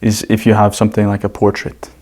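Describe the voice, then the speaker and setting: A man speaking as a podcast guest, laying out his argument in long, casual explanations built on examples. His voice sits low and stays fairly flat, with little rise and fall. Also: fast talker. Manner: explains points at length with examples. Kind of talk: casual conversational interview.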